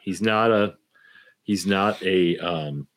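A man with a very deep voice chats on a podcast with wry, dry humor. His opinions come out casual and firm. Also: slow, fairly bright tone. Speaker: podcast co-host. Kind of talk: casual chat.

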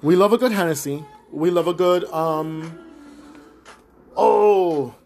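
A man's voice: fairly high pitch, moderate pace, faint music behind. Man, playful podcast host. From Brooklyn, New York. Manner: playful, teasing, loud and animated. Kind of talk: casual podcast chat.

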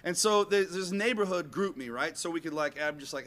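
A man telling an animated personal story to an audience in a rambling, self-mocking way, acting out bits of dialogue. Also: on the high side, moderate pace, hardly any pauses.

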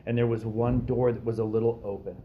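Over phone-quality audio, a man with a medium-pitched voice talks fast as he co-hosts a podcast. He tells a story in relaxed conversation, animatedly acting out the voices of the people in it and using lots of fillers.

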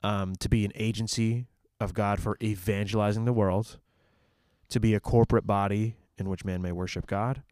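A man from a church ministry talks through faith topics in a relaxed, thinking-aloud way, pausing on fillers and restarting his sentences. His voice sits fairly low. The sound is dry and close, with no room echo. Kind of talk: casual faith discussion.

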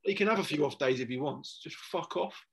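A man's voice: a little high, animated, a little fast, a little hiss or hum. A man from England co-hosting a football podcast, ranting and swearing in casual chat. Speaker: podcast co-host.

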